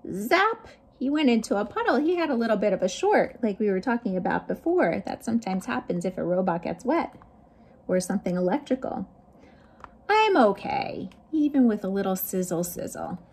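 A woman's voice: mellow, husky. A woman librarian reading picture books aloud to children, chatting with them playfully and voicing the sound effects. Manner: playful, chats with young listeners; voices sound effects with big pitch jumps. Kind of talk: children's storytime read-aloud.

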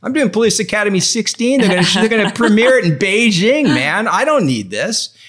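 A man's voice: high voice, big pitch swings, a little fast, fairly bright tone, pitched above the performer's own voice, exaggerated voice. A man voicing a boastful male movie star who brushes off talk of marriage, brash and dismissive.

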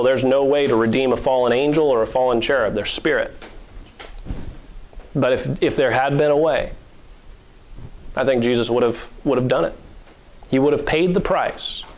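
A male pastor preaching a sermon in an earnest, conversational way, with fillers and soft chuckles. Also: medium pitch.

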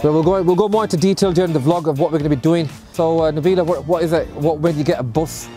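A man's voice: on the high side, steady tone, quick pace, dark tone, faint music behind. A man talking casually to camera in a vlog, upbeat and chatty, outdoors beside a bus. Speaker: vlogger and bus converter.

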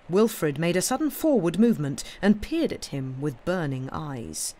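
A man's voice: fairly high pitch, very animated, moderate pace, few pauses, dark tone. Man reading a classic story aloud. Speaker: reader. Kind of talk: live-streamed reading of a classic mystery.

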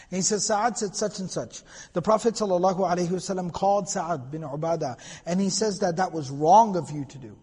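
Lecturer, man, higher voice, husky tone, storytelling style, hall reverb. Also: darkish tone. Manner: storytelling with Arabic quotes, casual asides. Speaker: lecturer on prophetic biography. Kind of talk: recorded lecture.

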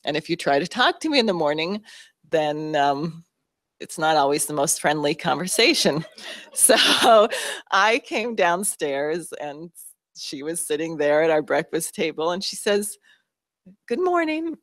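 Speaking to a town hall audience, a woman with a low but slightly bright voice comes across as intense and driven. She's expressive and unhurried, restarting sentences as she thinks aloud, in dry, close-miked sound.

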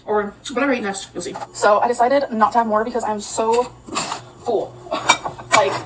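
A woman's voice: fairly high pitch, steady tone, moderate pace, far from the mic. A woman rambling chattily to her viewers in a casual cooking and eating vlog. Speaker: vlogger. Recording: noisy audio from off-mic.

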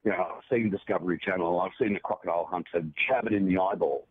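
A man calmly recounting a survival story in a measured, matter-of-fact way. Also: low voice, slightly rough, no room sound. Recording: tinny phone-like dry audio.

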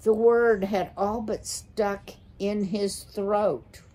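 A woman reading a children's novel aloud slowly and carefully. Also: mid-range voice, steady tone, warm tone. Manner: slow, careful read-aloud. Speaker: storybook reader.

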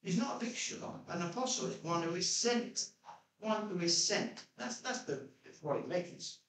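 Pastor preaching in an echoey church. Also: male voice, expressive, normal speed, a bit bright. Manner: chatty storytelling preacher, jumps to high pitch when quoting himself. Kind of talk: sermon. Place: church hall. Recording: echoey church room, mic at a distance.

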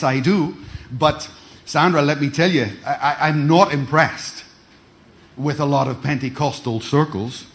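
A man's voice: a little high, a bit bright. A middle-aged man preaching a sermon, calling out to the congregation and restarting words as he goes. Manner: preaching with call-and-response, repeats words, stumbling restarts. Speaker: pastor.

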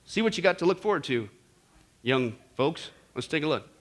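A man's voice: fairly high pitch, lively intonation, normal speed. A man preaching a sermon, telling a story with lots of "listen" and "right?" asides. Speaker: pastor.

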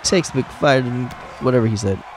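A man giving casual, excitable commentary while playing a wrestling video game, teasing and talking to the characters on screen. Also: mid-range voice, normal speed, some chatter behind, a little hiss or hum. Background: game music.

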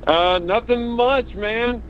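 A male caller putting on a slow, heavy action-star impression. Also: very high-pitched, a little hiss or hum. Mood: deadpan. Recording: tinny phone line.

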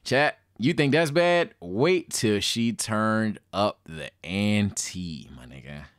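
Young dude streamer telling a storytime, super expressive pitch, swears a lot, talks to chat. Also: male voice, takes it slowly, clean tone. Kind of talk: casual storytime monologue.

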